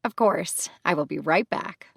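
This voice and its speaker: A woman voicing a warm, eager female housekeeper who fusses over her guests. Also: fairly low pitch, a little slow, gravelly, no echo, clean studio sound, heavily acted. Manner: bright, fussing hostess voice.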